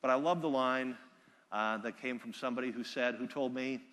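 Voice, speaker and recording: A man giving a keynote speech to a live audience, telling stories in an animated way and acting out the people he quotes. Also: medium pitch, normal speed. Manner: animated, acts out shouted quotes. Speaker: keynote speaker. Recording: long reverb of a big hall.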